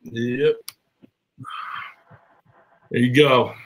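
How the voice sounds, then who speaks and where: A man's voice: mid-range voice, steady tone, very slow, rough recording. A man hosting a live show, chatting loosely with guests and viewers, swearing and laughing often. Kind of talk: casual live-stream chat.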